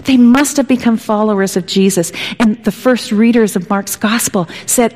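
A woman pastor preaching a sermon, telling it dramatically and sometimes dropping to a hushed whisper. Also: a little high, normal speed, hardly any pauses. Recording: long hall reverb.

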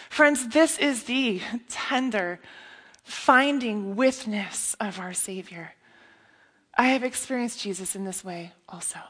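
A woman preaching a sermon in an earnest, intimate way, often dropping to a hush. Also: fairly high pitch. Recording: long reverb of a hall.

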